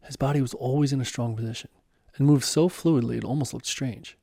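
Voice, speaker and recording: Male storyteller, first-person narration, earnest and self-deprecating, mellow tone, dry close sound. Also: mid-range voice, fairly even intonation, brisk, vocal fry, dry recording. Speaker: author and narrator.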